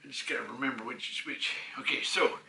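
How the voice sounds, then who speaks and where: A man's voice: mid-range voice, fast talker, creaky, sharp tone, slight background noise, low-quality recording. A man recording himself, talking in an agitated, rambling way, swearing often and restarting his sentences. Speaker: self-recording programmer. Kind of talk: rambling self-filmed monologue.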